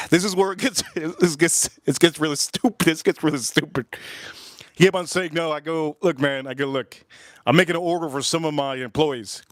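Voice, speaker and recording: A man's voice: on the high side, steady tone, moderate pace, a bit bright, no echo, clean studio sound. A man hosting a livestream, casually telling a rambling, laughing story, repeating himself and swearing now and then. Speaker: livestream host.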